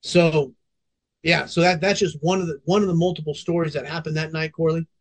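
A man's voice: fairly high pitch, fairly even intonation, brisk. A man in his forties, a veteran fire officer, telling a story on a podcast in an intense, profanity-laced way.

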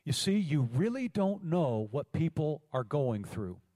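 A man's voice: a little high, big pitch swings, unhurried, mellow. A man preaching a sermon as pastor, telling a story and calling out to the congregation for responses. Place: large church hall. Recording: long hall reverb.

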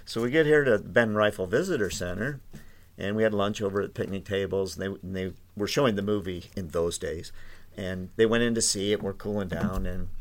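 A middle-aged man, a podcast host, telling casual rambling anecdotes with lots of restarts. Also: fairly low pitch. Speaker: podcast host and tour guide. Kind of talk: casual storytelling.

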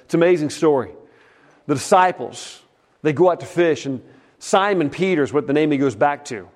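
Casual storytelling preacher with a higher voice. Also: male voice, expressive, brisk. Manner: casual storytelling preaching, often dropping to a soft hush. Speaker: pastor. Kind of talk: sermon.

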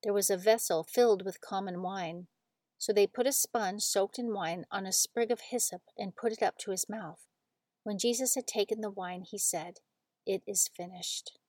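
A woman reading scripture aloud in a measured, solemn narration. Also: medium pitch, darkish tone, no echo. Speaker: scripture reader.

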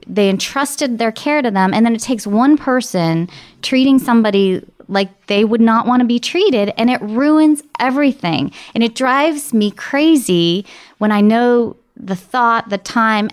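A woman guest on a podcast, a marketing director telling stories in an earnest way. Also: on the high side. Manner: storytelling, earnest. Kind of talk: interview conversation.

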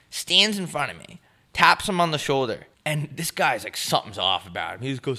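A young man rambles through a story on a casual podcast, swearing freely and acting out the people he met. His voice is bright and swings widely in pitch as he gets worked up. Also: lively intonation, fairly quick. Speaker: podcast co-host. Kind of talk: casual chat.

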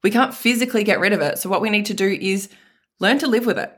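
A woman's voice: medium pitch, fast, husky. Frank, casual woman giving self-help tips. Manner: frank and casual, with mild swearing; emphatic, repeats key phrases. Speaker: self-help podcast host. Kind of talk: motivational self-help talk.

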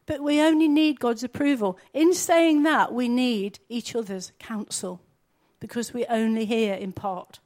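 A high-voiced woman delivers an earnest sermon in a conversational tone. She often puts questions to her listeners. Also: measured pace, few pauses, darkish tone. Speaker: preacher.

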